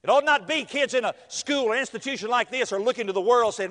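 A man's voice: fast talker, hardly any pauses, a bit bright. A male preacher telling stories in a sermon, acting out the lines of the people in them. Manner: storytelling with acted-out quotes and big pitch swings. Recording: hall reverb.

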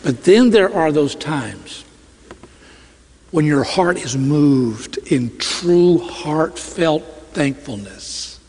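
A man's voice: darkish tone, breathy edge. Earnest preaching man in a reverberant hall. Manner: earnest preaching, slows and drops low on key phrases. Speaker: pastor. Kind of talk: sermon.

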